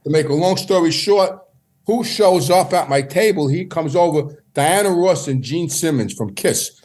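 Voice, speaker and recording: A man's voice: on the high side, expressive, normal speed, darkish tone. A middle-aged man telling stories from his past in a casual, meandering way, often restarting his sentences. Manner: meandering, repeats words and restarts. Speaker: podcast guest. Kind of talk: casual storytelling.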